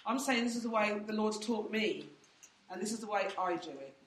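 Fairly quick and mid-range in pitch, with lively intonation, a woman conducts a church training session. She teaches plainly through personal stories, voicing what people told her, heard from a distance in an echoey space.

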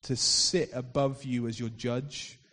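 A man preaching a sermon, retelling a parable with expressive storytelling that swells to loud emphasis. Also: mid-range voice, slow pace. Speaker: pastor. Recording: reverberant hall.

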